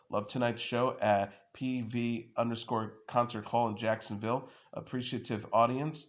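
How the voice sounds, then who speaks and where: Man reading entertainment news, low-pitched. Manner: reads news and quotes with frequent uh fillers and restarts.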